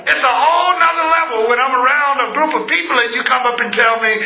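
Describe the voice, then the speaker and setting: A pastor preaching a sermon to his congregation. He shouts for emphasis, then stretches phrases out slowly. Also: very high-pitched, vocal fry, slight background noise. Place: church before a congregation. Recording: echoey church with congregation.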